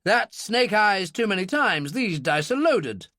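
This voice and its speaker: Guy doing a high huffy military old gent, clipped and cross. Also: very animated, a little slow, bright, forceful tone, no echo, clean studio sound, heavily acted. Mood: indignant. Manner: indignant, emphatic, clipped. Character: blustering military-looking older gentleman.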